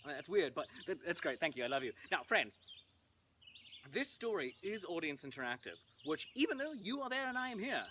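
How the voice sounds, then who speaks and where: Playful, theatrical man with a lively voice. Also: high-pitched, fairly quick. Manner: theatrical, playful, bursts into nursery-rhyme singing. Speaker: costumed Shakespeare performer. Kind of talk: interactive comedy show for viewers at home. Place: at home. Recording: loud background noise.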